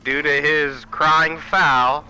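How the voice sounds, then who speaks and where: A man's voice: a little high, fairly even intonation, drawn-out words, pushed and bright, clear, resonant tone, poor audio. A man hosting his own channel, delivering a heated, profane political rant and addressing viewers directly as y'all. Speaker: channel host. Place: Arizona home.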